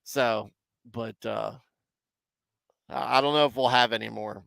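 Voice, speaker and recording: A man's voice: mid-range voice, steady tone, a little slow, vocal fry, a bit bright, dry recording. A man hosting a livestream, commenting on scripture in a rambling, self-deprecating way and chatting with viewers. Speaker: Bible commentary livestream host.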